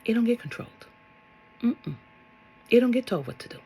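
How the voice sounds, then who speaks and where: A woman's voice: fairly high pitch, lively intonation, moderate pace, warm tone, breathy edge. A woman speaking as a spiritual love coach in a vlog monologue, blunt and sassy, swearing and firing rhetorical questions at her viewers.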